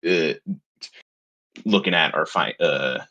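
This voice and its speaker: Player, male, bright husky voice, low-pitched, thinks out loud. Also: takes it slowly, muffled recording. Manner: hesitant, thinking aloud. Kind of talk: playing a tabletop game.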